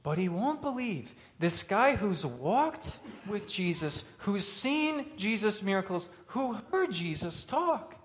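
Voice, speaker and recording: A male pastor preaching a sermon, swinging from loud, rising questions to quiet, hushed lines. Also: high voice, big pitch swings, takes it slowly, hardly any pauses.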